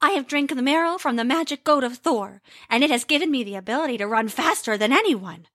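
A woman's voice: sits high, animated, quick pace, fairly bright tone, dry recording, studio quality. A woman voicing a boastful young male runner in a storybook. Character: proud swift young male servant boy.

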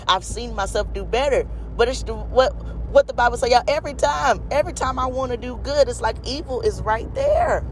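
A faint hiss or hum sits under this preacher's mid-range voice, which moves with lively intonation at a moderate pace. His devotional message is impassioned, full of repeated phrases, and aimed squarely at listeners he calls "y'all" and "you guys."

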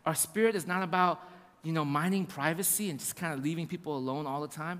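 A man preaching a sermon as pastor, animated and repetitive, acting out little asides. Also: a little high, fast talker, in a large hall.

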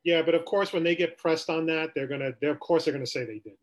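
A man's voice: fairly high pitch, fast talker. A man co-hosting a sports podcast, ranting with rhetorical questions in casual talk.

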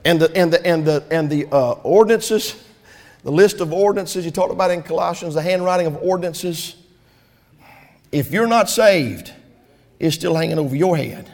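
A man preaching a fervent sermon in a church, swinging from loud to soft. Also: fairly high pitch, normal speed. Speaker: pastor. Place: church sanctuary. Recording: long church reverb.

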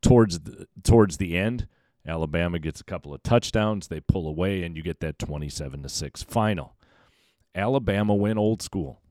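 A man's voice: low-pitched, moderate pace, mellow, dry recording, studio quality. A man hosting a solo sports podcast, giving emphatic, opinionated commentary that sometimes stumbles over repeated words. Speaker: podcast host.

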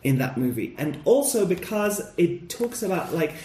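Animated man chatting about films. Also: normal speed, reverberant. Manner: animated, acts out movie scenes with big pitch jumps. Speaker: podcast co-host. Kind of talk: casual chat about films.

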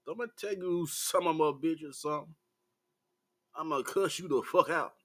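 A man in his forties with a Southern American accent, ranting bluntly and profanely to the camera in a slow, laid-back vlog. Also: on the high side, a bit bright. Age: 40s. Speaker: vlogger.

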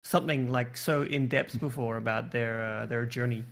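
A male podcast host with a noticeably gravelly, fry-laden voice. He interviews a guest in a relaxed, casual way, pausing on fillers as he works out his questions. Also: mid-range voice.

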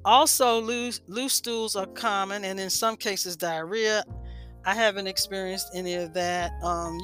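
A woman's voice: lowish voice, fairly bright tone. A woman hosting a health talk, reading an article aloud with frequent stumbles and self-corrections. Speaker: health podcast host.

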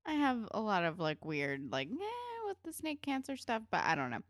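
A woman co-hosting a podcast recaps a TV episode in a chatty, animated way, swearing and laughing as she talks. Her voice is lowish and a little fast, captured as clean studio sound with no echo.

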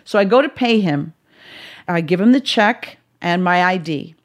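A woman's voice: lowish voice, lively intonation, normal speed. A middle-aged woman telling a personal story to an audience in a vivid, dramatic way. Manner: vivid, dramatic storytelling, acting out her own panicked pleas.

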